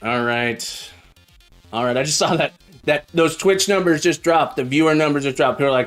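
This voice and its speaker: A man's voice: fairly high pitch, normal speed, soft background music. A man live-streaming while he codes, chatting casually and thinking aloud as he debugs, with a self-mocking manner.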